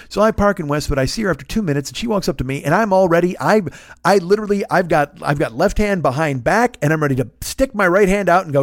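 Animated profane man in his fifties. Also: sits high, fast talker, no room sound, studio quality. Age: 50s. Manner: animated, profane, self-mocking storytelling. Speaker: podcast host. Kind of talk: storytelling monologue.

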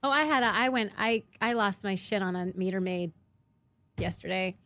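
A young adult woman in casual chat, telling a story with lots of halting restarts. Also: mid-range voice, fairly bright tone.

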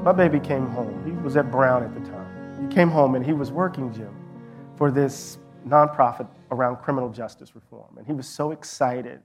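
A man's voice: medium pitch, normal speed, soft background music. A middle-aged man speaking as a guest in a live onstage conversation, telling a story with passion and restarting his sentences often. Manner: impassioned storytelling with repeated restarts. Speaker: guest, professor.

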